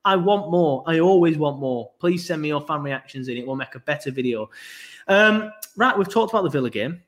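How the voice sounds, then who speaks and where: A man's voice: on the high side, lively intonation, a little fast, fairly bright tone. A man hosting a football podcast, chatty and rambling, with many asides. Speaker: podcast host. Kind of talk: casual chat.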